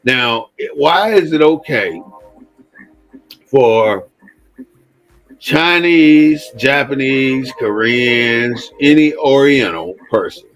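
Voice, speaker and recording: A man's voice: mid-range voice, expressive, very slow, long pauses, fairly bright tone, soft background music, poor audio. Blunt, emphatic male commentator. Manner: blunt and emphatic, repeats phrases, swears freely. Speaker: host. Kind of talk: impassioned monologue commentary.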